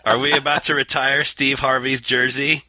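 Man, very bright crisp voice, lively pitch, dry sarcastic podcast banter, dead dry room. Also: moderate pace, no room sound. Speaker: podcast co-host. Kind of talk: casual comedic commentary.

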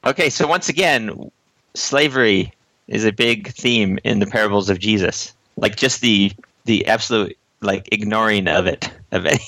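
A man co-hosting a casual talk show, cracking quick jokes and laughing often. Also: lowish voice, gravelly, bright, forceful tone, no echo. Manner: quick wisecracks, frequent laughter. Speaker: podcast co-host. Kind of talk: casual chat.

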